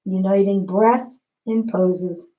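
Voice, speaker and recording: A woman leading a yoga class, giving calm, encouraging step-by-step cues. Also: mid-range voice, slow, poor audio. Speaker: yoga instructor. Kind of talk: guided yoga class instruction.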